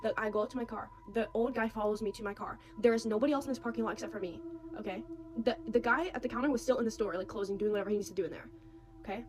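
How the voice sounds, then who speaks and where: A woman's voice: on the high side, very fast. A young woman telling a story casually, full of "like" and acting out what others said. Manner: animated, quotes others' voices, many "like"s.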